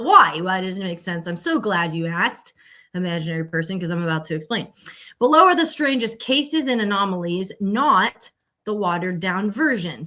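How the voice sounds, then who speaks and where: A woman's voice: mid-range voice, pushed and bright. Chatty woman podcast host. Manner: chatty and rambling, with many fillers and self-corrections. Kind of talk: casual live-stream podcast talk.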